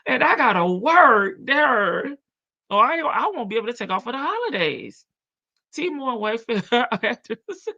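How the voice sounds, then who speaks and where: A woman's voice: on the high side, big pitch swings, unhurried, pushed and bright, highs cut off. A woman with a country Southern drawl hosting a casual livestream, chatting, laughing and reading viewer comments. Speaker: livestream reaction host.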